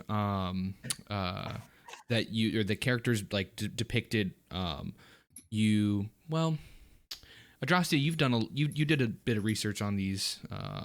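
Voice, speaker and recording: A man narrating as dungeon master, halting and full of fillers and restarts. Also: on the low side. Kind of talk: narrating a tabletop game.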